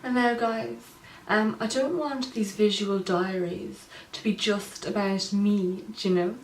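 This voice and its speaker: A woman's voice: mid-range voice, steady tone, measured pace, roomy sound, recorded from a distance, natural voice, poor audio. A self-absorbed young artist, as an actress plays her, talks smugly to camera in an easy mid-range voice, rambling and tagging on "do you know". The room rings around her, the mic sits well back, and a faint hum runs underneath. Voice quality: rambling, smug, says "do you know" constantly. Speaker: vlogger. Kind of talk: comedy monologue to camera.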